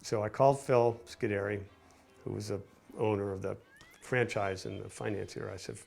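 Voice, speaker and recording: An older man with a low, gravelly voice looks back on his film career. He rambles, doubling back and restarting his sentences in a loose interview manner. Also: steady tone, normal speed, a little mellow, faint music behind. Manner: rambling, with many restarts and fillers. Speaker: film director and producer. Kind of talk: casual interview recollection.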